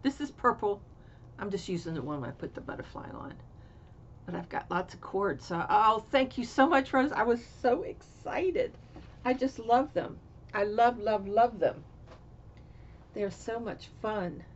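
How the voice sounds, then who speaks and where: A woman's voice: medium pitch, animated, a little slow, highs cut off, a little hiss or hum. A woman from Florida showing off her craft supplies in a casual, gushing chat, often trailing off with fillers. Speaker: craft vlogger. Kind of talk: casual show-and-tell chat.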